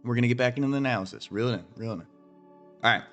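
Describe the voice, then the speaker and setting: A man's voice: mid-range voice, fast talker, fairly bright tone, faint music behind. A man hosting a crypto trading channel, talking straight to viewers in a blunt, profane, emphatic rant while he walks through his chart analysis.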